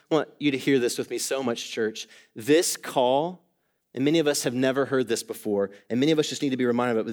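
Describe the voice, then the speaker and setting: Guy preaching in a church, earnest, repeats himself a lot, gets loud and high then drops way down. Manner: repeats words and restarts phrases. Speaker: pastor. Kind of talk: sermon. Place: church sanctuary.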